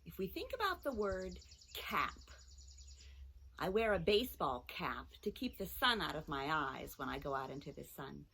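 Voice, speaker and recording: A middle-aged woman teaching a children's phonics lesson, talking slowly in a sing-song way and mixing in songs. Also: low-pitched, vocal fry, a little hiss or hum. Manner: slow, lively, sing-song teacher talk to young children.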